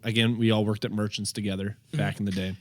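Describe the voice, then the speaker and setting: A man's voice: lowish voice, little pitch movement, quick pace, dry recording, clean studio sound. A man on a comedy podcast telling a rambling story in casual chat, laughing as he goes. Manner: rambling, laughs through his own story. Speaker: podcast co-host.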